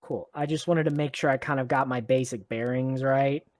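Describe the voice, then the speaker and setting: A man in a tabletop game speaks in a middling voice, relaxed and joking. He thinks aloud and checks details as he goes. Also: medium pitch, moderate pace. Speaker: player. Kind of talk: casual chat in a tabletop game.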